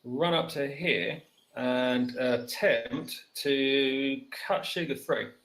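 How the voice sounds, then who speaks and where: A man playing a tabletop game, speaking quietly and slowly, set far from his microphone. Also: mid-range voice. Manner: quiet and slow-spoken. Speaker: player. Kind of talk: casual tabletop game chat.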